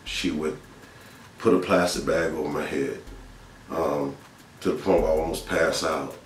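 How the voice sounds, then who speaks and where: A man from Georgia with a rumbling low voice earnestly shares a spiritual testimony, speaking in a steady tone at a measured pace. His storytelling is casual and repeats its phrases. The mic sits at a distance in an echoey room with faint music and slight background noise.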